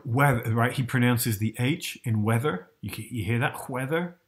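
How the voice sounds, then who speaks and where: A man's voice: medium pitch, moderate pace. A man hosting, explaining casually and hesitantly, often turning to ask the listener. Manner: hesitant, many restarts and fillers, asks the listener. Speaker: host.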